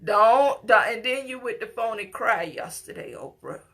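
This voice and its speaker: A woman's voice: a little high, animated, normal speed, vocal fry, a bit bright. A middle-aged woman giving an impassioned, scolding personal commentary, at times tearful and pleading. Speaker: commentator reacting to a news story.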